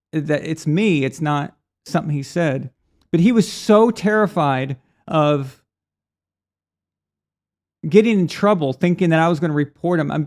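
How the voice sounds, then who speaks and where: This sports show host, a middle-aged man, has a fairly high, somewhat mellow voice. He chats casually on a live stream, working through super chats, rambling through stories with restarts and putting on voices when quoting people.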